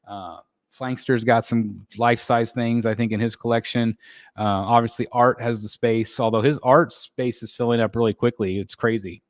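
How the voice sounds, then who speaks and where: An American man hosts a casual livestream, reading chat in a relaxed, rambling manner full of fillers and restarts. His medium-pitched voice moves at a moderate pace and is captured close and dry on a desk microphone, with no room sound.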